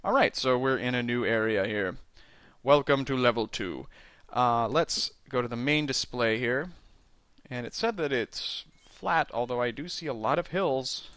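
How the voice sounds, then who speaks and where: A man's voice: mid-range voice, unhurried, a bit bright, clear, resonant tone, dry recording. A man casually commenting on a computer game while reading its text aloud, joking and sometimes stumbling over words. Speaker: let's play host.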